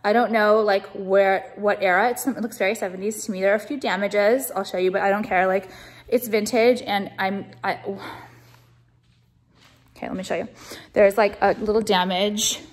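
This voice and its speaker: A young woman vlogging casually at home on a phone camera, swearing often and talking in quick, restarting bursts full of "like". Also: mid-range voice, fairly even intonation. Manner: chatty, profane, full of "like" and restarts. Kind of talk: casual vlog chat. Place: at home, walking through rooms.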